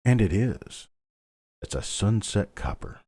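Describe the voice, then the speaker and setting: A man's voice: fairly low pitch, sing-song, a little slow, dark tone, breathy edge, no echo. A middle-aged man hosting a live online coin auction, calling bids steadily and chatting between lots. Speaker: auctioneer host.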